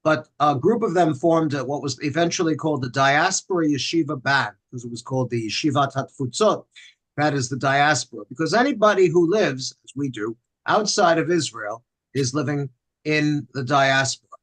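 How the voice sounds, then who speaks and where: A man's voice: fairly high pitch, normal speed, fairly bright tone. An older man, a rabbi leading a livestreamed Friday night service, telling self-deprecating jokes and leading the congregation in call-and-response singing. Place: synagogue sanctuary.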